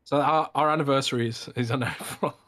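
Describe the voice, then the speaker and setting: A man's voice: medium pitch, steady tone, brisk, a bit bright. Male co-host, casual chat, playful teasing, easy laugh. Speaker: podcast co-host.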